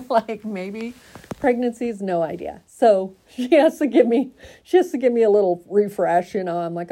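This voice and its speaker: Woman, casual vlog story, frequent laughter, self-mocking, tired, mellow voice. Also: mid-range voice, a little slow. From Oregon. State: tired and stressed.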